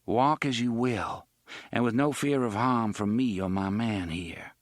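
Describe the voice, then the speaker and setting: A man reading aloud, voicing a steady woman gunslinger who speaks low, firm and measured. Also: dry recording, clean studio sound, close to an everyday voice.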